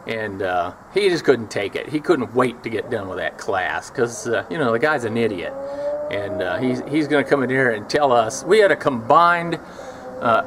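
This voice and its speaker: A man's voice: medium pitch, a bit bright, slight background noise. Scornful man telling old prison stories. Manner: wry, scornful, acts out the people he quotes. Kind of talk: casual storytelling.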